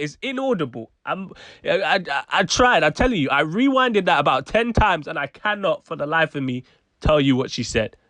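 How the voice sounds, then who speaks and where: A man's voice: a little high, pushed and bright, dry recording. A young man giving casual, chatty commentary on rap lyrics, laughing often and trailing off with fillers. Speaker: YouTube commentator.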